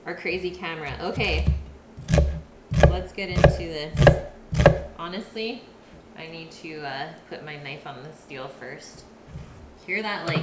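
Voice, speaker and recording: A woman's voice: deep voice, heavy background noise. A woman from Canada cooking on a live stream in her home kitchen, chatting with viewers and answering their chat as she works. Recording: echoey kitchen with loud clatter. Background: clattering pots, pans and dishes.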